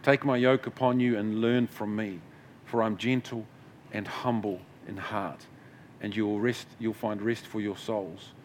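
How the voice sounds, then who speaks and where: A man's voice: lowish voice, steady tone, measured pace, slight background noise. A middle-aged man preaching a sermon as pastor, in a conversational way with asides and restarts.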